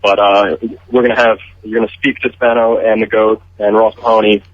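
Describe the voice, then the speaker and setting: A man's voice: on the low side, level tone, fairly quick, dull audio, slight background noise. A man reporting live by phone for a radio show, hamming up a mock lament as an elf. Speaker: field correspondent playing an elf. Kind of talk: live remote radio bit.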